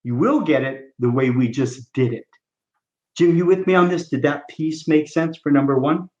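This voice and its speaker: A man's voice: on the high side, normal speed. A man coaching chiropractors as a podcast guest, teaching emphatically and role-playing patient talks. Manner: emphatic, coaching, asks if listeners follow. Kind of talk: teaching and role-play demonstration. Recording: roomy, dull lo-fi sound.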